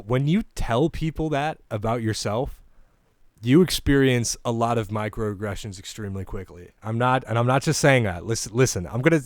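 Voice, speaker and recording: On a dry, clean studio recording, a young man with a fairly low-pitched voice hosts a comedy podcast. He talks in a casual, meandering monologue and chuckles at his own jokes.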